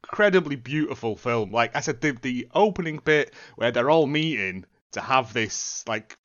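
A man's voice: medium pitch, moderate pace, muffled recording. Jokey podcast guy, voice bounces all over the place. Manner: animated, jokey. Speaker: podcast guest. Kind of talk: casual film review chat.

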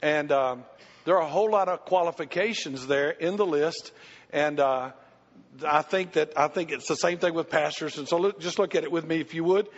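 A man's voice: fairly high pitch, moderate pace. An older man, a pastor answering questions from his congregation and telling stories with acted-out voices. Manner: animated storytelling, acts out quoted voices. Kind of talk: church Q&A teaching. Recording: muffled hall recording.

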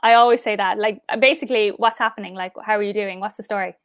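A woman's voice: mid-range voice, steady tone, quick pace, fairly bright tone, dry recording, studio quality. A young woman with an Irish accent, a guest in a casual interview, chatty and upbeat with lots of "like" and "I suppose". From Ireland. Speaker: interview guest, pageant finalist.

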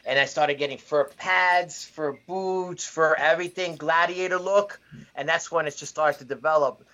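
Man, wrestler guest, bright tone, relaxed talk. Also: on the high side, normal speed, dull audio. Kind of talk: casual interview chat.

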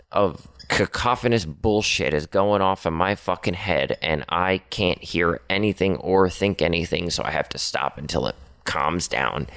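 Man, very low voice, earnest halting monologue with fillers, personal podcast confession. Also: a bit bright, smooth. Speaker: podcaster speaking to his partner.

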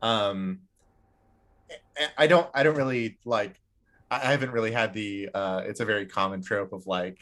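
A man co-hosting a podcast and chatting casually as a game master, halting with frequent restarts and filler words. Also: on the low side, fairly bright tone. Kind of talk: casual chat.

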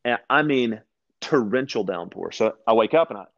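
A man from Louisiana, chatting casually as a guest and telling animated stories, often restarting his sentences and acting out quoted voices. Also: mid-range voice, moderate pace, creaky, dull audio. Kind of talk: casual storytelling chat.

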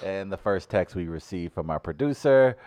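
A man's voice: sits low, animated, normal speed, a little mellow, no room sound. A man co-hosting a casual podcast, joking around and trying out impressions. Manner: jokey, tries voices and impressions. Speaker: podcast co-host. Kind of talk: casual chat. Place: St. Louis.

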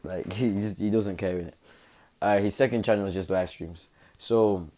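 A young man rambles through a casual commentary, full of slang and tag questions. His voice sits low and sounds dark and mellow. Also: steady tone, normal speed. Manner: rambling, slangy, fillers like innit. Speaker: content creator.

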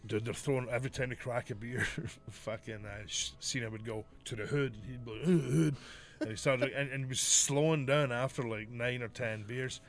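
In a mid-range voice, a man talks briskly with few pauses as he tells a rowdy story on a podcast. He's lively and casual, cursing frequently and laughing throughout.

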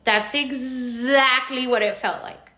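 Bright-voiced woman telling a story. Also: high-pitched, slow pace, echoey room. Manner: animated, acts out quoted voices, laughs often. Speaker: podcast co-host. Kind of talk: casual storytelling chat. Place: kitchen table at home, late at night.

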